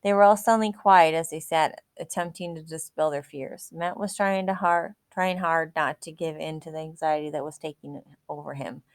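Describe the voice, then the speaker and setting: Woman reading a kids' chapter book, low-ish voice, dry close mic. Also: steady tone, normal speed, hardly any pauses, dry recording. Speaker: audiobook narrator. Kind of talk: scripted storybook narration.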